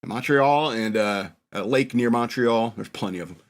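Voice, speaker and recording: A man's voice: medium pitch, moderate pace. A man in his forties, hosting a podcast and recalling his youth in a rambling, self-mocking way. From northern New York. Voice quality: rambling, laughing at himself. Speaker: podcast host. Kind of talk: casual reminiscing chat.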